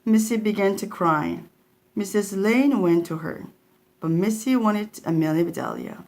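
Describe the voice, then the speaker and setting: A woman reading a children's storybook aloud in a steady, clear storytelling manner. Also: medium pitch, measured pace. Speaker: storybook reader.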